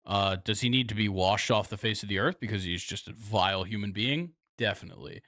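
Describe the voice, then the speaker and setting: A young man co-hosting a casual sports podcast, laid-back and quick to laugh, trailing off with fillers as he thinks. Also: fairly low pitch, bright, forceful tone, no echo, studio quality. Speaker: podcast co-host.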